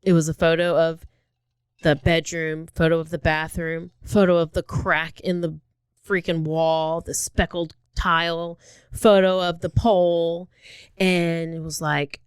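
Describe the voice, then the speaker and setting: A woman co-hosting a casual true-crime podcast, telling the story in animated bursts with sudden jumps in pitch. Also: unhurried, clear, resonant tone, no room sound, clean studio sound. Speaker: podcast co-host.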